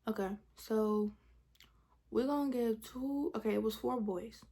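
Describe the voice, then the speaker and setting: A woman's voice: on the high side, a little slow, gravelly, dark tone, husky. A young woman, telling a storytime in casual chat, retelling with dramatic quotes and whispered asides. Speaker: vlogger.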